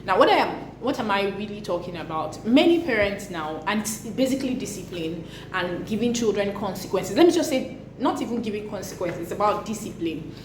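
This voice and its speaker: A woman's voice: medium pitch, animated, fairly quick. A young woman, a parenting vlogger, talking to camera about discipline in an earnest, emphatic way. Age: young adult. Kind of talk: casual talk to camera. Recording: echoey room with faint noise.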